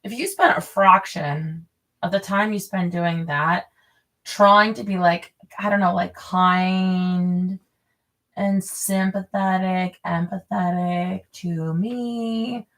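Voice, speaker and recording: A woman reads a memoir aloud and keeps wandering off into crude, rambling chatter between passages. Her voice sits a little away from the microphone, so it sounds slightly distant. Her pitch stays in a middle range. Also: steady tone, slow pace, fairly bright tone. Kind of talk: reading a memoir aloud with off-script asides. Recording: voice a bit distant from the mic.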